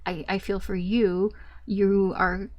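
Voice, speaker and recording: Woman, tarot reader, casual rambling talk, self-amused, average pitch, dry room. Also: flat delivery, takes it slowly, no room sound, muffled recording. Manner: chatty, rambling, laughs at herself. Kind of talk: casual tarot reading monologue.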